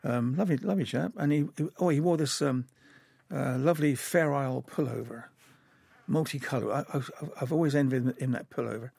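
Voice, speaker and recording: A man's voice: mid-range voice, a little fast, creaky, a little mellow, slightly rough, no echo. An older man from England, an animator, telling rambling, chuckling anecdotes in an interview.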